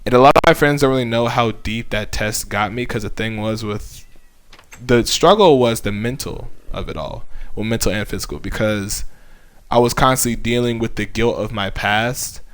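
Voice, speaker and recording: A young man, a YouTuber, shares his personal faith testimony in an earnest, heartfelt, conversational way with frequent fillers. His voice is fairly low, clean and fairly bright, at a moderate pace.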